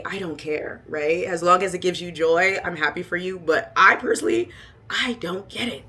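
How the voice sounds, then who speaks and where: A middle-aged woman talks casually to her viewers in a lowish voice with a bright, forceful edge. She is animated and emphatic, laughing often and bursting into loud exclamations. Her tone moves from offhand asides to full-voiced outbursts. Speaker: lifestyle vlogger. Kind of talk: casual chat to camera.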